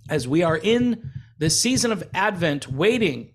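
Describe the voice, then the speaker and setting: A man's voice: a little high, big pitch swings, unhurried. A man from the United States hosting a casual commentary vlog, talking in a sarcastic, rambling way with lots of fillers. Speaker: channel host.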